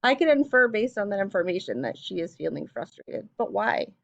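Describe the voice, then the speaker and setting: A woman teacher giving a recorded reading lesson, speaking clearly and patiently and reading short passages aloud with expression. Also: medium pitch, very animated, fairly quick, no echo, dull audio.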